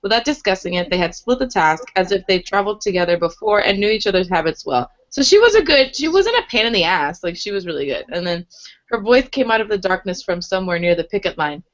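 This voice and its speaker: A woman's voice: medium pitch, quick pace. A young woman co-hosting a book club chat, reading passages aloud and laughing as she goes. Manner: animated, laughs while reading. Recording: dull lo-fi webcam audio.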